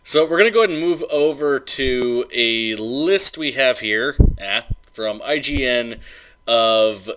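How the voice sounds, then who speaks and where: A man's voice: mid-range voice, animated, a little slow, pushed and bright. Upbeat joking male podcast host. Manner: upbeat, jokey, steers the segment. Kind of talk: casual chat.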